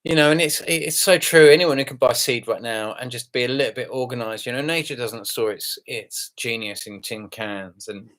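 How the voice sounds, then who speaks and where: A man hosting a casual live stream, rambling and halting with many fillers, yawning and relaxed after some red wine. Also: mid-range voice.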